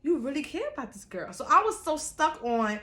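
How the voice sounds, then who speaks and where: A woman telling a personal story in a casual, animated, chatty way, laughing often, in an echoey room. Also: sits high, brisk. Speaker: storyteller vlogger.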